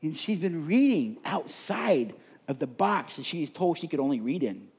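A man's voice: on the high side, sing-song, normal speed, darkish tone, slightly rough. Man leading a seminar, storytelling. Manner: storytelling, conversational, asks audience questions. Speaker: workshop speaker. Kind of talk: live leadership seminar talk.

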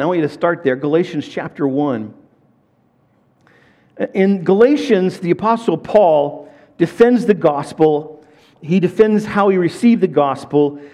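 A man's voice: fairly high pitch, darkish tone. A middle-aged man preaching a sermon as a pastor, telling stories in a conversational way and repeating words as he builds up. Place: church.

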